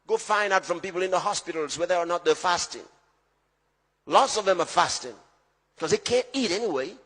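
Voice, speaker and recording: Husky, high-voiced preaching man. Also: animated, brisk, in a large hall. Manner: emphatic, swings between loud shouts and low hushed lines. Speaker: pastor. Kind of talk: preaching a sermon.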